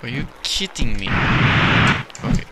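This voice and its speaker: A man's voice: medium pitch, sing-song, a little slow. A young man with a put-on German accent commentating a game casually, with frustrated outbursts. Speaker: gameplay commentator. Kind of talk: casual let's play commentary. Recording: loud background noise.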